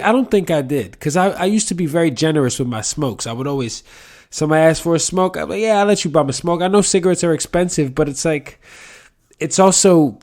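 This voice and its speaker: A man from New City, hosting a casual solo podcast and telling rambling, profane stories from his apartment. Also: mid-range voice. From New York City. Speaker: podcast host. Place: apartment room with a window to the street.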